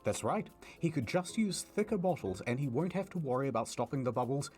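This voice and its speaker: A man's voice: medium pitch, lively intonation, a little fast, darkish tone, soft background music. A man narrating a history comedy video in a playful, mock-dramatic way.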